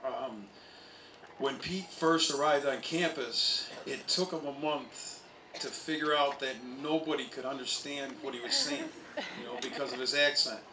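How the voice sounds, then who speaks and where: A man's voice: mid-range voice, unhurried, noisy background. Man speaking far off in echoey stadium. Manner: anecdotal storytelling, with chuckles. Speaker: college soccer coach. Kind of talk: memorial speech. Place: outdoor stadium.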